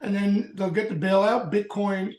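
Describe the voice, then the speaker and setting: A man's voice: sits high, moderate pace, a little mellow, roomy sound. A man on a live trading stream calling out market moves with dry jokes.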